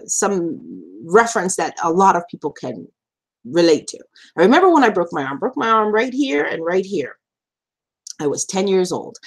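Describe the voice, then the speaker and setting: A woman at a middle pitch talks straight to her viewers, telling her story in an animated, chatty way. She laughs often and jumps high in pitch when she acts out what people said. When the subject turns serious, she slows down and speaks more softly. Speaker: survivor advocate and live stream host. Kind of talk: live stream storytelling monologue.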